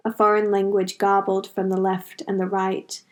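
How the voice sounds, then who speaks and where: A woman narrating a fantasy fanfiction story in a measured, dramatic storytelling manner. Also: medium pitch, monotone. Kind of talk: audiobook fanfiction reading.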